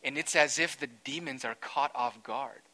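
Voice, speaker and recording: Bright-voiced man preaching a sermon. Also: medium pitch, moderate pace, rough recording. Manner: conversational preaching with dramatic asides; animated, swings between loud and quiet. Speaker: pastor.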